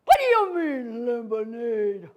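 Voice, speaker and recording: Brief: grumpy bully cowboy voiced by a woman, gruff and loud, high-pitched. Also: sing-song, slow pace. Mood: angry. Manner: gruff, threatening, shouting. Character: meanest cowboy in town, grumpy man.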